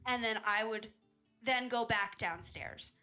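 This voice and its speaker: A woman playing a tabletop game describes her character's actions in an animated way. Her voice is high and bright, and faint music plays behind her. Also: measured pace. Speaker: player. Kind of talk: tabletop role-play chat.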